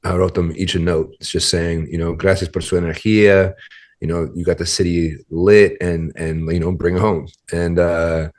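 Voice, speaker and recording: A man's voice: low voice, little pitch movement, normal speed. A man as a podcast guest, telling a story in a rambling, casual way full of fillers and restarts.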